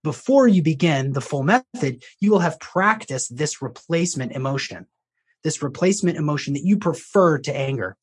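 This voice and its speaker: A man's voice: medium pitch, slightly rough. A man working as a coach, telling a client's story and explaining a technique in a conversational way, with frequent restarts and casual swearing. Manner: swears casually when quoting.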